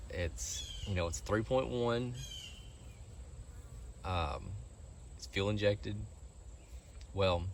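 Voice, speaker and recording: A man's voice: lowish voice, slight background noise. A man telling a long, aggrieved story about a car repair in a rambling, casual way.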